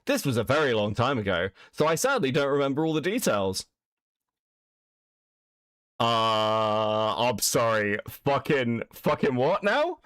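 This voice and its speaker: A man's voice: mid-range voice, big pitch swings, a little slow, a bit bright, smooth, dry recording. A man hosting a livestream, reacting crudely and laughing a lot, on a close mic. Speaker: stream host.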